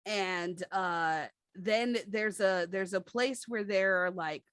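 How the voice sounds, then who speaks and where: A woman serving as game master, narrating the scene in a slow, easygoing way and stopping often for "um" and "like." Her voice is mid-pitched and close, with a dry, dead sound around it. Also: fairly bright tone, smooth, no echo. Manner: unhurried, chatty, full of fillers.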